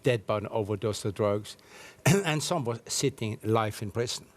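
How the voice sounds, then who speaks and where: A man's voice: on the low side, lively intonation, moderate pace. Middle-aged man. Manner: earnest storytelling with slightly non-native English. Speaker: evangelist guest. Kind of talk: personal testimony in a studio interview. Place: TV studio.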